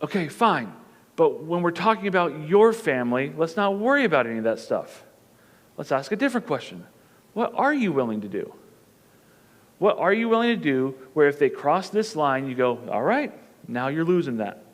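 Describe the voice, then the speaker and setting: A man's voice: on the high side, very animated, moderate pace. A man in his thirties preaching in a church, conversational and joking, rising into emphatic bursts. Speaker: pastor. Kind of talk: sermon. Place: church auditorium. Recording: long hall reverb.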